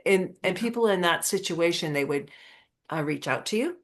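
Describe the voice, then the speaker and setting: Woman podcast host, low voice, empathetic and casual, keeps the talk moving. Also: expressive, normal speed. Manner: empathetic, prompting, casual fillers. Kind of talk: casual conversational interview.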